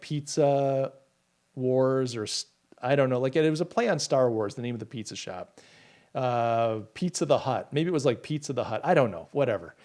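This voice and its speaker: Hosting a casual live talk show, a podcaster reads out viewer comments and answers them, rambling and indignant with many restarts. His voice is mid-range and a little mellow.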